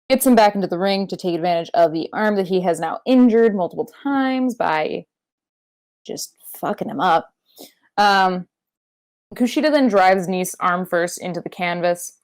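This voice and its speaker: A woman co-hosting a wrestling podcast, recapping matches in casual chat with playful wordplay and frequent swearing. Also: mid-range voice. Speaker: podcast co-host.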